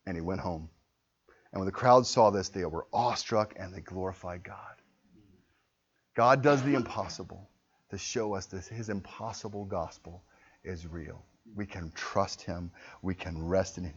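Husky male pastor preaching a sermon. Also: on the low side, muffled recording. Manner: animated, acts out quoted voices, drops to quiet intensity. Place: church hall with a congregation.

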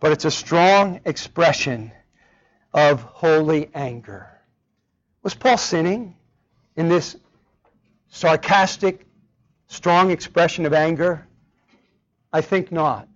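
A man's voice: on the high side, slow, pauses often. A man preaching a sermon with emphasis, often asking the congregation rhetorical questions. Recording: dull lo-fi recording.

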